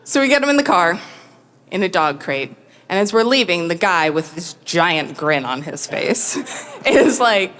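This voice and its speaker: Wry woman storyteller, lively pitch. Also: a little slow. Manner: wry, self-mocking, animated. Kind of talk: live comic storytelling. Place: storytelling stage in a hall. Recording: long hall reverb.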